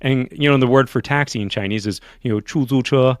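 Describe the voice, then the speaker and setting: A man's voice: mid-range voice, quick pace, no echo, studio quality. A man hosting a podcast, chatting in a friendly, playful way and laughing at his own stories. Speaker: podcast host. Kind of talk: podcast interview and outro.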